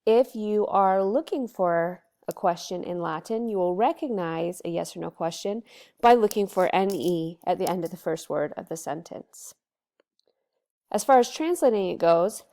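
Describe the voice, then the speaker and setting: A woman teaching Latin grammar in a recorded study lesson, her pitch sitting in a middle range. She works through each point slowly and deliberately. She leans on the example words so students can follow along. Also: warm tone. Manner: slow, deliberate explaining with stressed example words.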